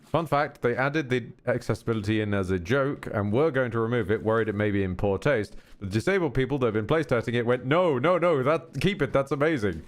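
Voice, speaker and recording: A man's voice: medium pitch, quick pace. A man streaming a game, chatting casually about it in a rambling way, with many restarts.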